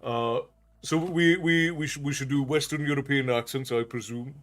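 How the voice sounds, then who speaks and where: With soft background music behind him, an Irish man speaks steadily at a moderate pace in a medium-pitched, fairly bright voice. This storytelling streamer, whose Irish accent is unusual, chats with viewers and responds aloud to their comments.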